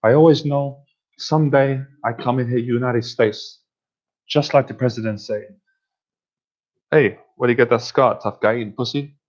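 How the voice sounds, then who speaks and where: A man putting on an impression of a tough-talking male film gangster, in a slow put-on drawl. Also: medium pitch, dark tone, natural voice. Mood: swaggering. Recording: dull lo-fi recording.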